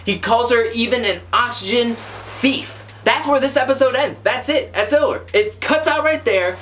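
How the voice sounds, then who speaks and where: A woman's voice: on the high side, normal speed, fairly bright tone, slight background noise. A woman giving a chatty, gossipy recap of a TV episode, retelling scenes in a casual way and quoting the people in them. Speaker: TV recap host.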